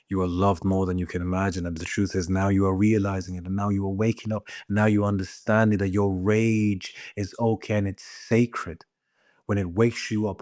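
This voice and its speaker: A man giving an impassioned spiritual pep talk, intense and profane, repeating phrases, stumbling over restarts and dropping at times into hushed whispers. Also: low-pitched, dry recording, studio quality. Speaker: spiritual speaker.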